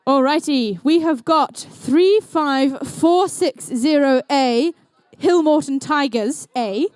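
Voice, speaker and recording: High-voiced playful woman commentator. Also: slow, darkish tone, no echo. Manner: playful, jokey banter with the crowd. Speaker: event commentator and emcee. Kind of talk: live event commentary. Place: indoor competition venue.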